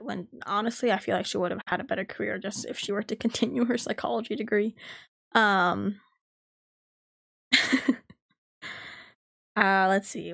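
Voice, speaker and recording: A woman's voice: medium pitch, creaky, no echo. Young adult woman, casual podcast chatter, loose and profane, dry close recording. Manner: rambling, swears freely, lots of "like".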